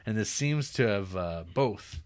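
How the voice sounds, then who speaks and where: A man's voice: on the low side, lively intonation, measured pace, slight background noise. A man co-hosting a podcast, casually recapping a film in a rambling way and acting out the scenes. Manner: rambling, self-interrupting, acting out scenes with quoted voices. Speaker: podcast co-host.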